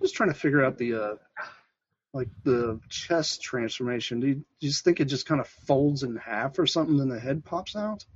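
A man co-hosting a casual toy chat, giggly and excitable, stammering as he gets going. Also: medium pitch, a little fast, husky, highs cut off. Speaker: podcast co-host.

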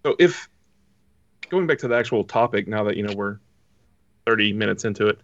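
A man's voice: fairly low pitch, expressive, brisk, fairly bright tone, recorded from a distance, dull audio. A man co-hosting a casual podcast chat, rambling and joking as he sets up the topic. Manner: rambling, joking, mimics other fans. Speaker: podcast co-host.

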